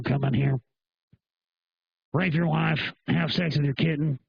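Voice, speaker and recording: A man's voice: a little high, creaky, husky, dry recording, pitched below the performer's own voice, full character voice. A man voicing a fearmongering male announcer who issues exaggerated, ominous warnings, heard through dull lo-fi stream audio.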